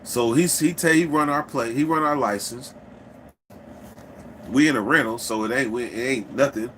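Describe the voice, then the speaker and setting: A man's voice: mid-range voice, normal speed, a little hiss or hum. A man casually telling a story, swearing freely and acting out the people in it. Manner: profane, animated, acts out quoted people.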